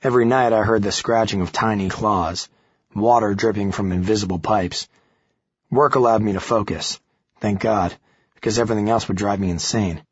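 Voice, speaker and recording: A man narrates a first-person thriller in a steady, gritty way. His voice is low and husky. The sound is dry and slightly dull, like a lo-fi recording. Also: normal speed, no echo. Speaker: audiobook narrator.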